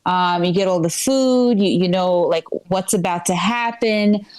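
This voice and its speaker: A woman's voice: fairly low pitch, a little slow, darkish tone, rough recording. Rambling, self-deprecating woman comedian. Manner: rambling, self-deprecating, lots of fillers and restarts. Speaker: stand-up comedian. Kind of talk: live stand-up set. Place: comedy club stage.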